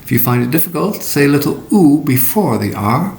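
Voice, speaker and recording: A middle-aged man teaching English pronunciation, speaking slowly and deliberately with fillers and spoken demonstrations. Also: animated, creaky, darkish tone. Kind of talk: recorded pronunciation lesson. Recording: echoey room with faint rumble.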